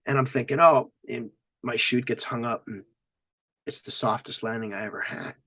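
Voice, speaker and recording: A man's voice: mid-range voice, steady tone, normal speed, vocal fry, fairly bright tone, husky. A middle-aged man, a military veteran, telling stories as a podcast guest, acting out quotes and sound effects and swearing freely. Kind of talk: storytelling in a podcast interview.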